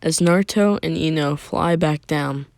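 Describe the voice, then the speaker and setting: A man's voice: on the high side, normal speed, creaky, dry recording, clean studio sound. A man casually narrating a made-up fan story, rambling with many filler words.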